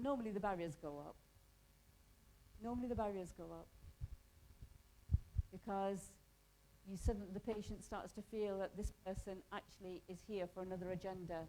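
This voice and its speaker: A woman's voice: on the low side, steady tone, normal speed, pauses often, warm tone, slight background noise, rough recording. A woman from Pakistan teaching a hospital volunteer workshop, talking conversationally and quizzing the group in a training room.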